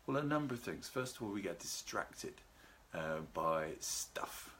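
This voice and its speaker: A man with a very deep voice gives a calm, unhurried live video talk on relaxation as a seminar host. He's at home with a garden behind him, greets live viewers by name, and faint noise sits in the background.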